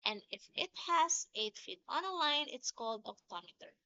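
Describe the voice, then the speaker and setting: A woman's voice: high voice, expressive, pushed and bright, no echo. A woman teacher giving a lesson on poetry, explaining patiently and sounding out rhythms. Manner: slow, patient explaining with sung-out rhythm examples. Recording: dull lo-fi sound.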